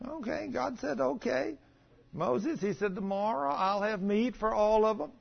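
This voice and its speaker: Older male preacher, high-pitched and folksy, animated storyteller, muffled lo-fi sound. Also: normal speed, creaky. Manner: folksy, animated, acts out quoted voices. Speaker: preacher in a healing ministry. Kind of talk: sermon storytelling. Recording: dull lo-fi recording.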